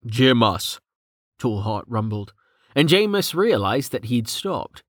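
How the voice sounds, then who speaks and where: A man's voice: medium pitch, big pitch swings, unhurried, no echo, studio quality. Man narrating a fantasy audiobook. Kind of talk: scripted narration.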